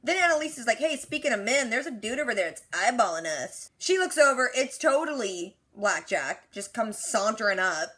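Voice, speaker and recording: Young woman, casual recap, bright voice, slightly high, playful quoted asides. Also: slightly rough. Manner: animated, acts out characters in quick quoted asides. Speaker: reaction video host.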